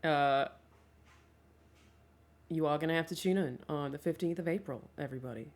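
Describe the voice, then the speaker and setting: Young female streamer, low-ish pitch, loose and chatty with plenty of laughs and casual swearing, home desk-mic sound. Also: moderate pace. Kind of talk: casual livestream chat.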